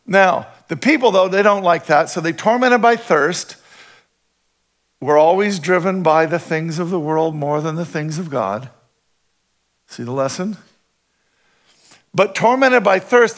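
A man's voice: high voice, expressive, normal speed, creaky, fairly bright tone. A middle-aged man preaching a conversational sermon as a pastor, often checking in with his listeners with questions.

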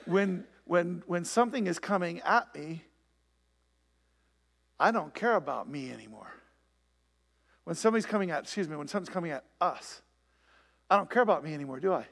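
A man preaching a sermon to a live congregation, talking conversationally and asking many rhetorical questions. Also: on the high side. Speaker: pastor. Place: church, before a live congregation.

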